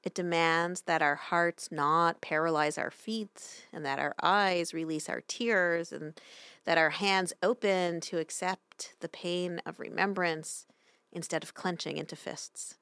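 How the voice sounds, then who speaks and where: A middle-aged woman rabbi giving a sermon in a synagogue, telling a story with lively voices for its characters. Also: lowish voice, unhurried, clean tone, dry recording. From Canada. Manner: storytelling, expressive voices for quoted angels. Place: synagogue sanctuary.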